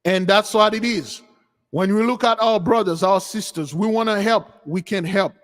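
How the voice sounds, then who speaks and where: Impassioned preachy man, high voice. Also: moderate pace. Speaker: channel host and commentator. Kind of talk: ranting livestream commentary. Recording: long hall reverb.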